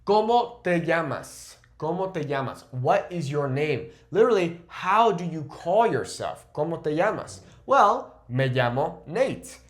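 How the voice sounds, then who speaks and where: Guy in his 20s teaching phrases, kinda high voice, bounces around a lot. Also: measured pace, hardly any pauses. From California. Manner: lively explaining, switches between English and Spanish. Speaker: Spanish teacher. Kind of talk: language lesson.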